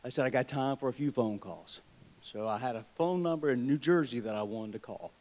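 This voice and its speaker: A man with a Southern US accent addresses a convention crowd from the podium. He tells his stories in a folksy, wry, joking way. His voice sits at an average pitch for a man. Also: a little fast, darkish tone. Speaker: state treasurer giving a convention speech. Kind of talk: political speech with folksy storytelling. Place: convention hall.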